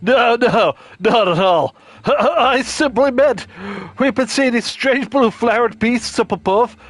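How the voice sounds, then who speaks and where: A man's voice: extremely high pitch, takes it slowly, a bit bright, no echo, soft background music, pitched above the performer's own voice, heavily acted. A man voicing a laid-back male hunter as a drawling surfer dude in a game playthrough. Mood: easygoing.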